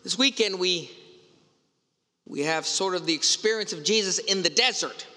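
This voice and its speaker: Bright-voiced pastor preaching in a hall. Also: male voice, high-pitched, moderate pace. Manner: conversational, storytelling preacher with playful asides. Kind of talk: Sunday homily. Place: church.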